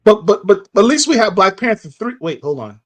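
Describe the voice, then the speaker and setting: Excitable man with a high-pitched voice. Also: fairly quick. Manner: excitable, jumps in with questions. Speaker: podcast co-host. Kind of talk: casual chat.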